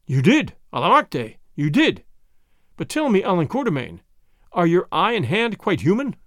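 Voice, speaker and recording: A man voicing a loud, stern old Boer umpire. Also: high voice, wildly swooping pitch, normal speed, no room sound, clean studio sound, heavily acted. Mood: indignant. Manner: loud, forceful declaring.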